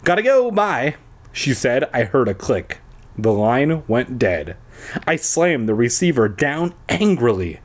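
A young man reading a storybook aloud with sarcastic asides, animated and playful. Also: mid-range voice, a little slow.

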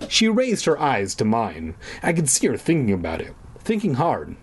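A man gives a comedic reading of a children's book and keeps breaking off for crude, sweary asides. His husky voice jumps around a lot in pitch. He reads with an irreverent, offhand manner. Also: wildly swooping pitch, moderate pace. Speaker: comedic reader.

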